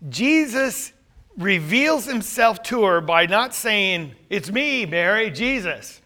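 A man's voice: high voice, bright, forceful tone. A man teaching a Bible class in a conversational way, asking the group rhetorical questions.

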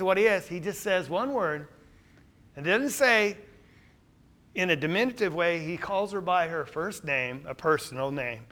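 Man, sermon, bright tense voice, wide swinging pitch, question-and-answer preaching. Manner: asks the listeners questions and answers them; emphatic, rises to louder emphasis.

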